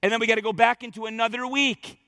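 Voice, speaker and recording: A pastor preaches a sermon in a high, bright voice, speaking fast with a steady tone. He's emphatic, doubling words and restarting phrases to drive each point home. The sound is close and dry, without echo.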